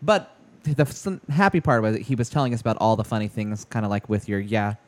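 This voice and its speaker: A man co-hosts a relaxed chat show. He teases his friends and keeps pushing them to tell more. His delivery is loose and conversational. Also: lowish voice, fast talker. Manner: teasing, prompting questions. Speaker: co-host. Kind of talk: casual podcast chat.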